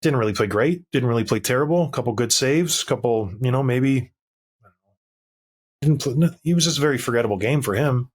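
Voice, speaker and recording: Podcast co-host, man, mid pitch, emphatic and fired-up in casual sports talk. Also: animated, fast talker, few pauses, slightly rough.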